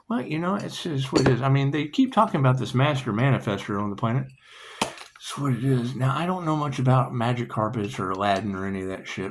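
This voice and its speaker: A man's voice: mid-range voice, slight background noise. A man giving a loose, rambling spiritual tarot talk, swearing, laughing and humming little tunes between thoughts. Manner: profane, laughing, humming asides. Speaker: tarot reader.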